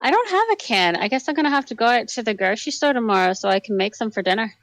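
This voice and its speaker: Chatty young woman, bright-toned. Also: a little high, lively intonation, very fast, no echo. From partly New Zealand. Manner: chatty, easily amused. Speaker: co-host. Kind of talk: casual chat.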